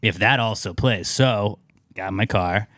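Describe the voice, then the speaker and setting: Low-voiced man telling rambling stories. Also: unhurried, a bit bright. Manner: rambling anecdotal storytelling with lots of fillers. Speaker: podcast co-host. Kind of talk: casual chat.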